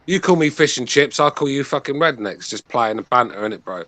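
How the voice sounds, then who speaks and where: A man's voice: medium pitch, lively intonation, fairly quick, pushed and bright, no echo. A man, mocking and teasing in casual banter.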